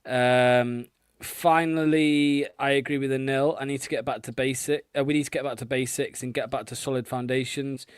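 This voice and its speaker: A man's voice: medium pitch, steady tone, normal speed, clean tone, no room sound, studio quality. A man hosting a football fan live stream, chatting casually and swearing often, with lots of filler ums. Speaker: host of a fan watchalong stream.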